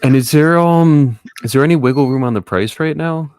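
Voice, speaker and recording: A man making an offer on a property by phone, polite and brisk, asking one follow-up question after another. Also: on the high side, a little mellow, clear, resonant tone, no echo. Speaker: real estate investor making offers. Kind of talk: live-streamed phone negotiation.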